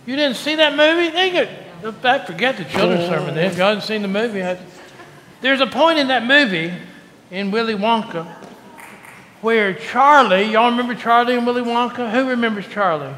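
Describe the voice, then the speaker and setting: A man's voice: extremely high pitch, expressive, normal speed, sharp tone. Man, pastor, children's sermon, coaxing call-and-response, reverberant church hall, faint noise. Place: church sanctuary.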